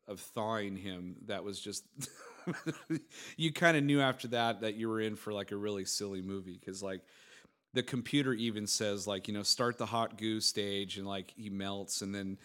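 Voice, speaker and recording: A young man co-hosting a podcast, chatting casually and excitedly, often laughing and acting out movie lines. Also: on the low side, normal speed. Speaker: podcast co-host. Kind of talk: casual chat.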